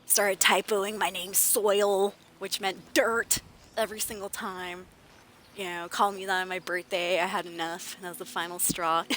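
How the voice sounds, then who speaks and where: A woman's voice: mid-range voice, moderate pace, a little hiss or hum. A young adult woman streaming a game, chatting casually and acting out the people she quotes as she tells her stories. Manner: animated storytelling, acts out the people she quotes. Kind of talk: casual livestream chat.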